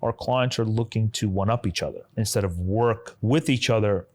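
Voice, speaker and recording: A man's voice: lowish voice, normal speed, a little mellow. A man speaking as a business lawyer in a panel discussion, posing questions and reframing the issue.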